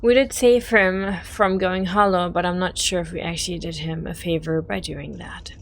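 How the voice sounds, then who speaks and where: A woman's voice: lowish voice, steady tone, moderate pace. A woman hosting a game walkthrough, giving chatty, emotional gameplay commentary.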